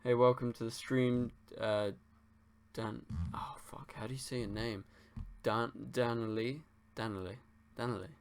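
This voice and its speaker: A man's voice: mid-range voice, flat delivery, measured pace, smooth. A young man from England, hosting a livestream and answering viewers' questions in a laid-back, rambling way, swearing casually. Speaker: livestream host.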